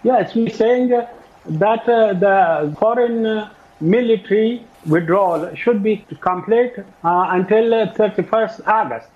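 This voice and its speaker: A man answering an interviewer's questions in a halting way, with many filler sounds, heard in a clip. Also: high-pitched. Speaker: spokesman in a news interview. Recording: tinny phone-line audio clip.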